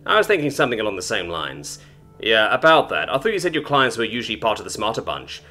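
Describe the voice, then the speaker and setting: A man's voice: lowish voice, sing-song, fast talker, sharp tone, soft background music. A man narrating a first-person sci-fi story in a wry, casual, sarcastic way.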